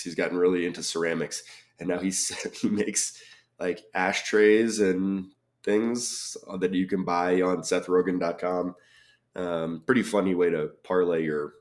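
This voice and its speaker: A man solving a crossword puzzle aloud, reading clues and thinking out loud with frequent ums and muttered asides. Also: low-pitched. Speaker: crossword reviewer.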